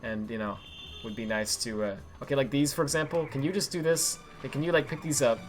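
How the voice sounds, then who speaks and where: A man streaming himself playing a game, chatting casually and yelling in frustration when play goes wrong. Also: medium pitch, brisk. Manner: excitable, yells at the game when things go wrong. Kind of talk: live-streamed gameplay commentary. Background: faint game music.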